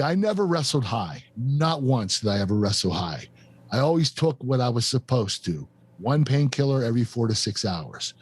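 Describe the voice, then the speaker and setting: A man in his fifties, a guest on a podcast, telling a painful personal story in a halting, emotional way with many fillers and restarts. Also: mid-range voice, husky, no room sound. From United States. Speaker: guest, former pro wrestler.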